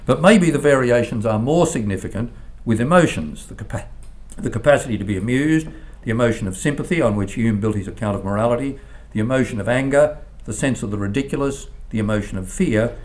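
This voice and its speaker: An older man, a philosophy professor, reading a formal academic lecture in a measured way, with the odd stumble. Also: mid-range voice, lively intonation, darkish tone. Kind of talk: academic lecture read from a text.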